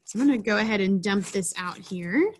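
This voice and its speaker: A woman's voice: mid-range voice, lively intonation, brisk, slightly rough. A woman presenting a children's program, reading a picture book aloud and then walking children through a craft in a chatty, instructive way. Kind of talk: storybook reading and craft lesson.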